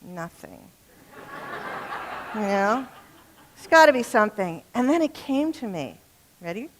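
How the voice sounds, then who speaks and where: A middle-aged woman with a fairly high voice telling relationship stories to a live audience. She is chatty and humorous and keeps checking in with the room with quick questions. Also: big pitch swings, a little hiss or hum. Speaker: relationship speaker. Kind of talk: storytelling talk to a live audience.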